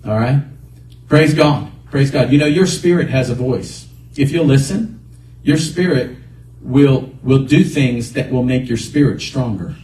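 A man pastor preaching a sermon in a church, animated, often calling out praise. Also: medium pitch, measured pace, roomy sound, distant mic, rough recording. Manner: animated, repeats exhortations.

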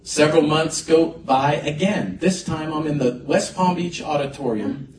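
Storytelling pastor in an echoey hall. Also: male voice, a little high, unhurried, background noise. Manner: animated storyteller, lively swings in loudness. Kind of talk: sermon storytelling. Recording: echoey hall mic from a distance.

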